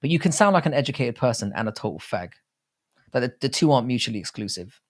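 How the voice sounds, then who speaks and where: Very animated and fast-talking, a young livestream host with a mid-range voice reads out viewers' comments in a casual chat. His banter is crude, full of swearing, and his words are exaggeratedly enunciated.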